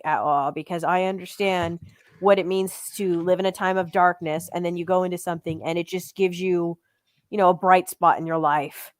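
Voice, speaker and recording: A woman's voice: on the low side, no echo, clean studio sound. A woman in her thirties co-hosting a podcast, speaking earnestly and reassuringly to the chat. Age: 30s. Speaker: podcast co-host.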